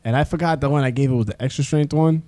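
A man's voice: fairly high pitch, quick pace, dark tone, no room sound. A man laughing and swearing as he tells a story in casual chat.

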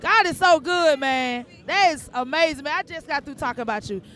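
A man hosting a live outdoor bike night, excitedly giving repetitive shout-outs. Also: very high voice, fairly quick. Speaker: show host. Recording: crowd noise behind, outdoors.

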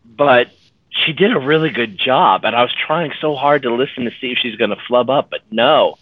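This podcast co-host is a man with a mid-range voice and a moderate pace, chatting casually on a fan podcast. He rambles and restarts while musing about the story, and the recording is dry and tinny like a phone, with no echo.

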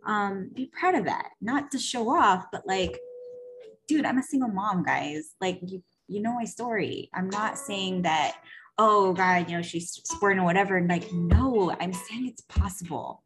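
A young woman in a casual vlog, telling a story in a chatty, animated way, swearing freely and filling her talk with "like" and "right?". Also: mid-range voice, unhurried. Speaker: business coach.

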